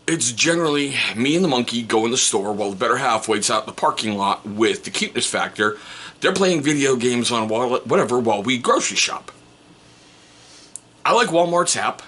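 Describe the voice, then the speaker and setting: A middle-aged man tells a long personal story straight to the camera. His voice is bright and somewhat husky. He rambles, backtracks and corrects himself as he goes. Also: mid-range voice. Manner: rambling, self-correcting, chatty. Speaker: vlogger. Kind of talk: casual storytelling vlog.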